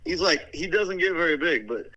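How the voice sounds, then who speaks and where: Rowdy, swearing man with a bright voice. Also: on the high side, expressive, normal speed, muffled recording. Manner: rowdy storytelling, acts out voices, swears constantly. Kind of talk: casual profane chat.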